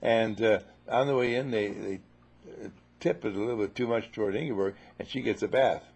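A man's voice: fairly low pitch, brisk, a little mellow, husky. A man giving a spoken teaching talk, telling playful stories and repeating his phrases for effect. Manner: playful, repetitive storytelling.

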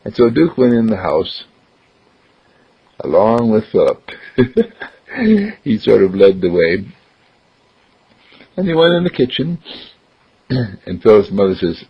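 A man with a low, gravelly, raspy voice tells a story at a slow, gentle pace. His pitch swings widely from line to line. The recording is dull and lo-fi. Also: very animated. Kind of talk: told story.

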